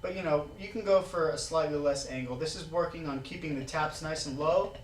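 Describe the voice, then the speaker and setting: A man's voice: fairly high pitch, fairly quick, background noise. A man teaching a drumming exercise in a casual way, counting beats aloud, recorded in an indoor practice room from a camera mic across the room. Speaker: drum teacher. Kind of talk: casual instructional talk. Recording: roomy, distant mic with drumming.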